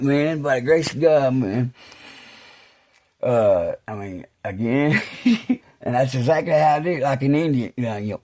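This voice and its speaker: A man's voice: lively intonation, measured pace. Rambling man telling loose stories. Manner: loose and repetitive, heavy on fillers like "man" and "you know"; drops low and quiet when speaking of faith. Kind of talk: rambling casual storytelling.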